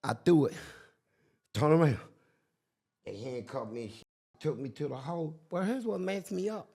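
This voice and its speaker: A man's voice: fairly high pitch, moderate pace, vocal fry, breathy edge. An older man telling a story in casual chat, acting out the people he quotes. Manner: animated, acts out quotes in different voices. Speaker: guest.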